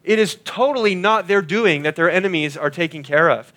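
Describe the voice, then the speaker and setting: A man preaching a sermon, earnestly expounding scripture and slowing down and dropping his voice on key lines. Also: high voice, fairly bright tone. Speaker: pastor.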